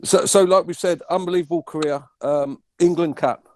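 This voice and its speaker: A man's voice: a little high, steady tone, normal speed, darkish tone. A man from Northern Ireland hosting a casual interview, with a matey, joking manner and a habit of saying "mate".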